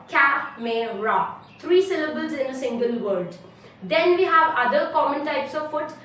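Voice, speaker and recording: A high-voiced woman with an Indian English accent gives a classroom lesson on poetic meter, repeating example words slowly to mark their syllables. She stands back from the mic in a strongly echoing room, with a faint hum of ambient noise behind her. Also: far from the mic. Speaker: English teacher.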